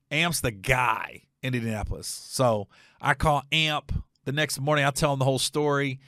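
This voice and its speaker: A man with a mid-range voice tells a story on his podcast, bouncing between his own lines and the dialogue of the people in it. His delivery is slangy and animated, full of quick restarts and repeated words. The sound is dry and close. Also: mid-range voice, no room sound. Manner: animated, acts out quoted dialogue. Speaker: podcast host and comedian. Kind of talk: casual storytelling.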